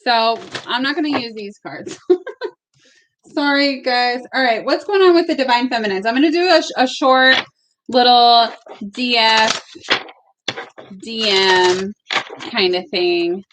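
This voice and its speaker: Bubbly high-voiced woman live-streaming. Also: unhurried, pauses often, noisy background. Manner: bubbly, greets chat viewers by name, laughs often. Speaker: tarot reader hosting a live stream. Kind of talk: casual live-stream chat. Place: her plain bedroom.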